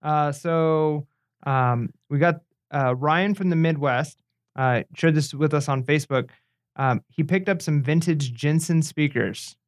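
A man co-hosting a podcast in relaxed casual chat, hesitant and halting as he talks. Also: a little high, dry recording, clean studio sound. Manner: relaxed, hesitant, many fillers and restarts. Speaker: podcast co-host.

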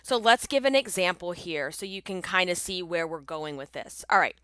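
Stuffy-nosed lady chatting on her podcast, bright crisp voice, super dry close sound. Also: fairly low pitch, moderate pace, no echo. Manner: chatty, upbeat, laughs often. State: congested from allergies. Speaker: podcast host and coach. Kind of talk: casual solo podcast.

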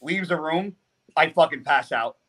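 Man, podcast guest, swears a lot, lively anecdotes, slightly high voice. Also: measured pace, slightly rough. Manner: profane, animated storyteller. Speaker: podcast guest, pro bodybuilder. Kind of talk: casual storytelling.

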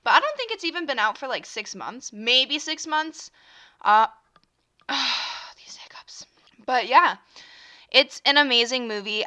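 Chatty young woman with bright voice. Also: on the high side. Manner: chatty and rambling, many fillers and self-interruptions. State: has the hiccups. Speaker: podcast host. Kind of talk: casual solo podcast chat.

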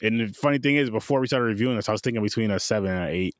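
A man's voice: on the low side, rapid-fire, dry recording, clean studio sound. A man co-hosting a casual movie podcast, giving scores and opinions in a loose, swearing manner. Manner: laid-back, talks through opinions with fillers and swearing. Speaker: podcast co-host. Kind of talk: casual movie review chat.

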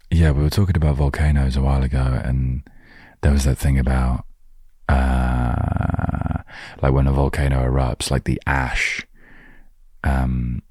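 Very deep husky-voiced man rambling. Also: darkish tone, no room sound, clean studio sound. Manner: rambling, joking asides, trailing off. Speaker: podcast host. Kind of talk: casual solo podcast chat.

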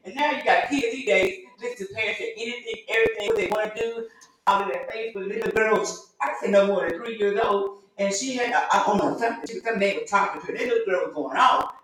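A woman's voice: medium pitch, quick pace, fairly bright tone. Woman teaching sunday school, chatty and folksy, mic far off, room full of echo. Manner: conversational, folksy, acts out quoted voices. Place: church room.

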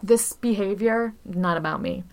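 A woman's voice: medium pitch, measured pace. A woman co-hosting a podcast, telling a story in casual chat with lots of "like" and frequent laughter. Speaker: podcast co-host.

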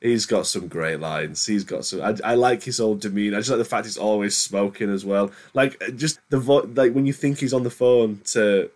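Podcast host guy, lowish voice, rambles and restarts a lot. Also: fairly quick, few pauses, darkish tone. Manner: rambling, many restarts and fillers. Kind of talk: casual chat.

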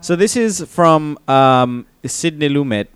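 A man co-hosting a casual film podcast, talking in a relaxed, agreeable way. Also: a little high, takes it slowly, clean tone. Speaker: podcast co-host.

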